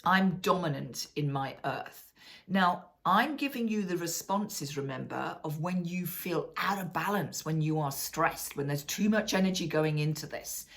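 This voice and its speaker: A middle-aged woman, teaching a wellness lesson in a chatty, animated way and often checking in with listeners. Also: deep voice, measured pace. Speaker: wellness coach. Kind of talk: casual teaching talk.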